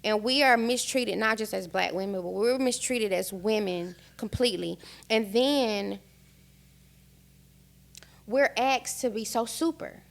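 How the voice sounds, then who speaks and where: Gravelly American woman telling her story frankly. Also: on the high side, unhurried. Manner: emotional, frank, animated retelling. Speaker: podcast guest. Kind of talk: candid storytelling in casual chat.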